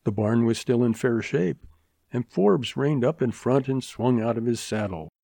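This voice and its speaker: A male narrator reading a western novel in a steady, measured way. His voice is mellow and warm, mid-pitched for a man. The recording is dry and close, with no room sound. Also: vocal fry, no echo. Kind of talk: scripted audiobook narration.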